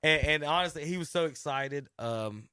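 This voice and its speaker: A middle-aged man, hosting sports talk radio and telling a rambling, animated coaching story with many restarts. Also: fairly high pitch, normal speed, clean tone, no echo, studio quality. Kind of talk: casual radio chat narrating a video clip. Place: radio studio.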